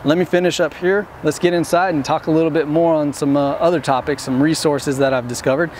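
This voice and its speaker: A man's voice: a little high, steady tone, fairly quick, a little mellow, a little hiss or hum. A man with a Texan accent vlogging casually to camera about fishing, plainspoken and rambling with many ums and restarts. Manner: plainspoken, determined. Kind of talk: casual vlog talk to camera.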